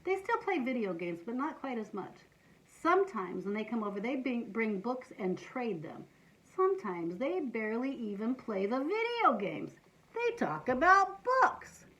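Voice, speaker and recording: A woman reads a picture book aloud to children, her voice lively and swooping. She sits a little high in pitch and adds playful asides between the lines. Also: moderate pace, rough recording. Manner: animated, playful, adds asides to young listeners. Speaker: storytime reader.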